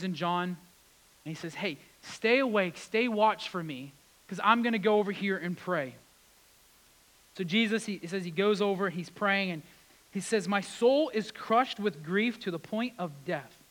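A man preaching a sermon, retelling scripture with lively acted-out quotes. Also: high-pitched, rough recording. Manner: animated, acts out quotes with rising intensity. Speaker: pastor.

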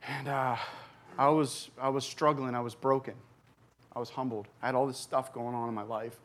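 A man in his forties, a recovery pastor, telling his personal story from a church stage, earnest and halting with many fillers and restarts. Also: medium pitch, flat delivery, a bit bright. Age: 40s.

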